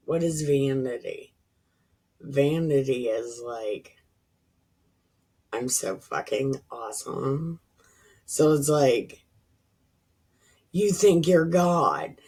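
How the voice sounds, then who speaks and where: A woman reading scripture and breaking off into loose, irreverent asides. Her voice is husky and she takes her time, drawling through the verses. She swears freely and laughs at her own jokes. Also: deep voice, dark tone. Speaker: Bible reading vlogger. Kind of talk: casual scripture reading with commentary.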